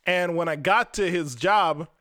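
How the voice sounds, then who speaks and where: Speaking a little slowly, a young podcast host with a bright, forward voice pitched slightly above the typical male range recounts his personal story. He's candid, profane and says "like" a lot. The audio is dry and close, with no echo.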